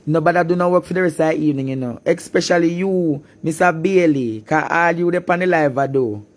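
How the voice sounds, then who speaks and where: A man from Jamaica with a Jamaican accent, ranting animatedly on a live stream, repeating words and bursting into shouts. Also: a little high, fairly quick. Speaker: social media personality.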